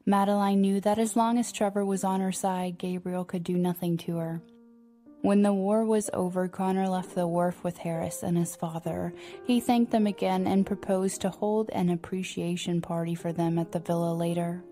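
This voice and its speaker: A woman narrating a romance audiobook in a steady, even storytelling manner. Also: on the low side, normal speed, soft background music. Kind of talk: scripted narration.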